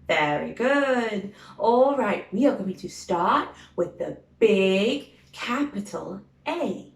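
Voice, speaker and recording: A woman with a mid-range, expressive voice and some vocal fry teaches young children a phonics lesson. She draws letter sounds out slowly and praises them often, and the room gives a roomy echo.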